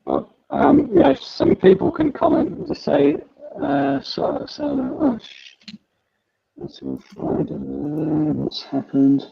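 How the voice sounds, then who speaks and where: A man hosting a casual podcast over a video call, halting and repeating himself as he sorts out technical trouble. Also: very high voice, wildly swooping pitch, gravelly, husky, dry recording. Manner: halting, repeats words while sorting out tech problems. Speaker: podcast host. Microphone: computer mic on a video call. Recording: dull, crackly lo-fi call audio.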